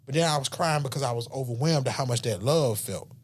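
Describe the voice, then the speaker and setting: A man's voice: medium pitch, fast, husky. A man who is a podcast guest telling a personal story in an earnest, emotional way, sometimes dropping to a near-whisper. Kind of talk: personal storytelling in a casual chat.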